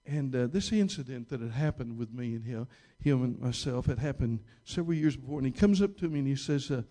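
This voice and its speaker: A man's voice: expressive, brisk, dark tone. A man preaching a storytelling sermon, rambling with many restarts and repeated words, and getting emphatic at key points. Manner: emphatic, rising in pitch and volume at key moments. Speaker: pastor.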